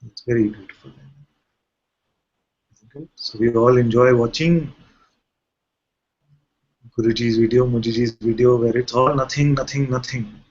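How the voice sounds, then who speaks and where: A man's voice: mid-range voice, steady tone, normal speed, pauses often. A man who is a spiritual teacher, giving a conversational talk to a gathering and often asking rhetorical questions. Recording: muffled lo-fi recording.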